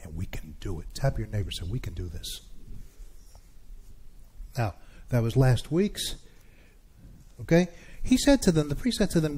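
Mellow-voiced man preaching a sermon. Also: a little high, very animated, normal speed, pauses often, breathy edge. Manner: preaching with rising calls to the congregation. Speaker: pastor.

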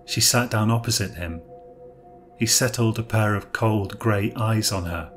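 A man with a low voice telling a dark story in a measured, even way. His reading is steady and unhurried. Soft music plays faintly underneath. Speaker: narrator. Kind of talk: scripted story narration.

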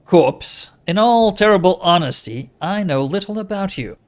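A man voicing a sly, withered old male tiefling fence who leans on a crutch, mocking and quick to anger. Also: high-pitched, animated. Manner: menacing, mocking, flares into fury.

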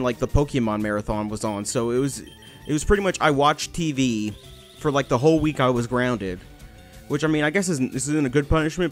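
A young man commentating his gameplay, telling a story in a rambling, swearing way with many restarts. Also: mid-range voice. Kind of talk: casual storytelling over gameplay.

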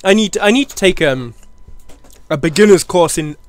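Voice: mid-range voice, expressive, normal speed, dry recording. A game streamer giving live, sweary gameplay commentary and talking to themself. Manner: sweary, talks to self.

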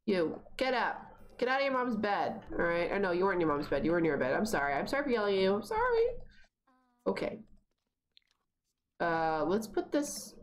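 A young woman streams a life-simulation game, keeping up a loose running commentary and bossing her characters around. Her pitch swoops widely as she talks, and she breaks into sudden excited squeals. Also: fairly quick. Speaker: gaming streamer. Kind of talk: casual gameplay commentary.

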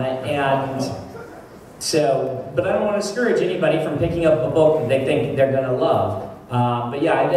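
A man's voice: mid-range voice, mellow. A man, an author, chatting casually with many fillers at a convention session and then reading his fiction aloud. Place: convention hall. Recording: distant echoey hall, faint noise.

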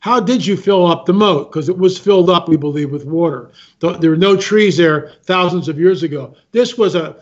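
Barely pausing, a man with a high voice tells animated stories as a guest at a normal speed. He stresses his points, repeats himself and performs other people's lines, all captured in muffled, lo-fi audio.

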